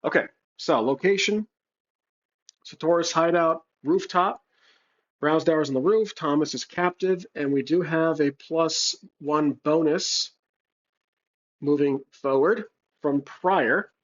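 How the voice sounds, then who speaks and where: At home in a room with a cat, a man plays a solo tabletop game, narrating casually as he writes and rolls dice, full of fillers and self-corrections. His voice is fairly high and slow, with frequent pauses, and the recording sounds muffled.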